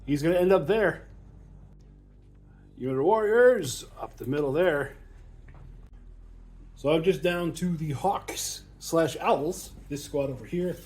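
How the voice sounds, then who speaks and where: A man's voice: a little high, takes it slowly, long pauses, a little mellow. A man hosting a tabletop wargame battle report, chatting casually as he counts dice aloud and laughs often. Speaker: tabletop wargame player and channel host.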